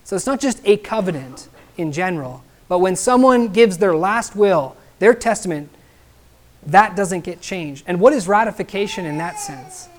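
A man's voice: high voice, sing-song, moderate pace. Male pastor, emphatic expository sermon, keeps checking in with "right?".

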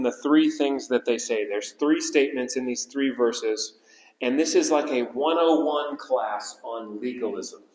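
A man preaching a sermon as pastor, repeating key phrases and slowing down to stress them. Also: medium pitch. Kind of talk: expository sermon. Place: church sanctuary. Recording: roomy church hall reverb.

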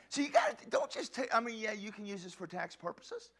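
A man preaching a passionate sermon as a pastor, often shouting and stumbling over restarts. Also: high-pitched, very animated, quick pace, hardly any pauses.

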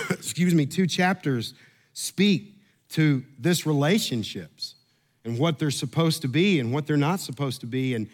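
Man, middle-aged pastor, sermon, earnest, repeats words, storytelling, higher voice. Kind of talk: sermon with humorous personal story.

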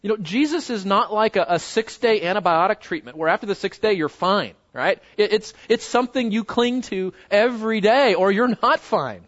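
Male pastor, high-pitched, emphatic sermon delivery with dynamic drops, muffled lo-fi church recording. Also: expressive, normal speed, hardly any pauses, fairly bright tone. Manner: emphatic, rising and dropping to near murmurs, rhetorical questions. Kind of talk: expository sermon.

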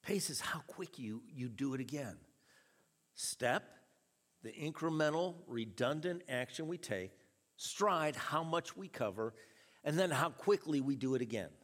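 A man preaching a sermon, telling a story with chuckles and an animated delivery. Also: medium pitch, unhurried. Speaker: pastor. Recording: reverberant hall.

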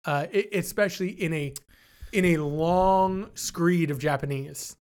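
A man's voice: fairly high pitch, unhurried, smooth. A man co-hosting a podcast, talking things through in a thoughtful, hedging way with many restarts. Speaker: podcast co-host. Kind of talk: casual discussion.

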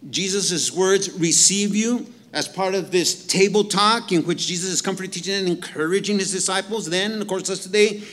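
A man preaching a sermon as pastor, animated and direct, reading scripture slowly and checking in with the congregation. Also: high-pitched, big-room sound. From Mexican heritage. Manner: animated preaching, reads scripture slowly, asks "right?" to the crowd.

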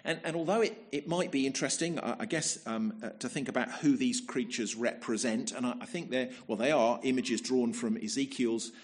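A man's voice: mid-range voice, brisk, few pauses. A man preaching a sermon in a conversational manner, often asking rhetorical tag questions and repeating words as he restarts.

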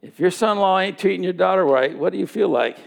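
High, gravelly-voiced male preacher. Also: fast talker. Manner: storytelling that acts out dialogue. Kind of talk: sermon.

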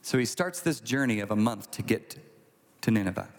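A man preaching a sermon, retelling a scripture story in a conversational, animated way with acted asides. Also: on the low side, normal speed, gravelly. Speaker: pastor. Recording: long hall reverb.

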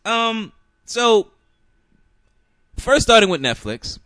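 A man holding forth on a podcast, swinging his voice up and down with loose, profane energy. His tone is bright and forceful, and the recording is dry and close. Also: sits high, takes it slowly, no echo. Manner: animated, profane, rambling with restarts. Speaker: podcast co-host. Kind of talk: casual chat.

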